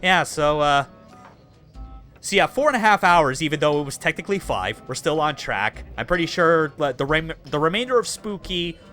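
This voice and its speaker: A man's voice: a little high, animated, normal speed, pushed and bright, faint music behind. A young man hosting a game stream, chatting casually, swearing freely and laughing often. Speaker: streamer host.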